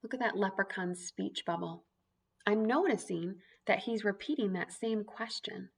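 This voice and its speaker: A woman teacher giving an early reading lesson for young children, speaking clearly and encouragingly. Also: medium pitch. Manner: encouraging, slow, clearly spoken teacher talk.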